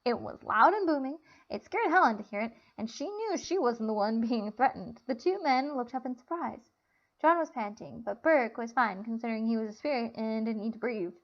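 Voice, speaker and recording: A woman narrating a novel in a plain, unhurried reading with small slips, on a dull lo-fi recording. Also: a little high, animated.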